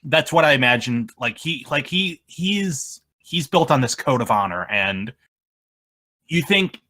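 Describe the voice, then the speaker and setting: A man being interviewed about his machinima videos, talking in a rambling, halting way that trails off mid-sentence. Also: medium pitch, animated, sharp tone. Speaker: machinima creator, interview guest. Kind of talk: casual interview chat.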